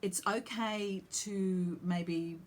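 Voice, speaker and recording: A woman's voice: mid-range voice, fairly even intonation, drawn-out words, a little hiss or hum. A woman singing teacher explaining vowel shapes, breaking off to sing short demonstration vowels. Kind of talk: vocal lesson with sung demonstrations.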